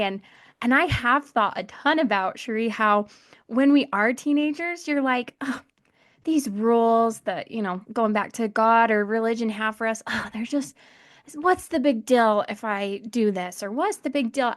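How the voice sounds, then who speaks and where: A woman life coach co-hosting a podcast, chatting in a lively, anecdotal way and sharing stories from home. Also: a little high. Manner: chatty, anecdotal, animated storytelling. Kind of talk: casual podcast chat.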